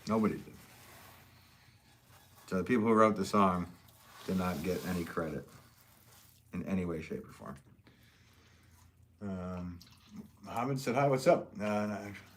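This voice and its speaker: A man's voice: low-pitched, measured pace, long pauses, a bit bright, a little hiss or hum. A man who is a potter, chatting casually with viewers on a live stream, rambling and chuckling often as he reads comments.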